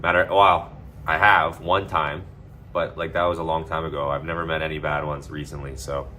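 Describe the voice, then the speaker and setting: Deep voiced guy just rambling to his stream chat, swears a lot, faint noise behind. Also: level tone, moderate pace, bright, forceful tone. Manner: rambling, loose and profane, full of filler words. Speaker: livestreamer. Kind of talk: casual livestream chat.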